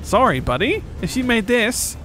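A man's voice: very high-pitched, big pitch swings, moderate pace, a bit bright. A British man hosting a gaming video, teasing his co-hosts in casual, swearing banter. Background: game music.

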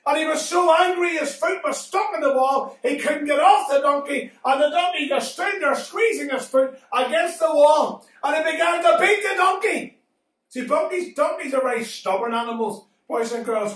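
A man teaching Sunday school, telling a Bible story to children with animated swings between shouts and hushed tones. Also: very high-pitched. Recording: echoey room, far from mic.

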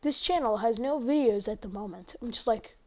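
A woman's voice: fairly high pitch, brisk. A woman giving rambling, chatty let's play commentary as a gaming host, often apologizing. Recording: dull lo-fi mic.

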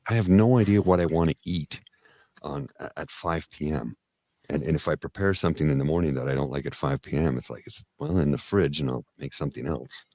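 A man co-hosting a casual chat, cracking jokes and complaining with animated energy, on a studio mic. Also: rumbling low, fairly quick, dry recording. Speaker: podcast co-host. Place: home studio.

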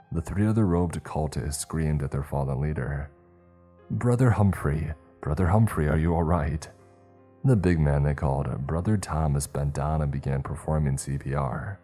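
A man's voice: very deep voice, mellow. A man narrating a scripted horror story with dry, wry humour.

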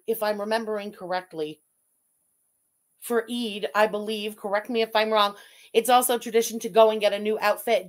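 Woman, livestream host, profane, mocking, fairly high voice. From Quebec. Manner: profane, mocking, reads chat aloud. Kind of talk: casual livestream commentary.

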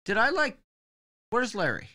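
Pitched high and speaking at a measured pace, with a little hiss or hum on the audio, this man co-hosts a live stream. He wanders through a casual story, bringing it to life by performing other people's quotes.

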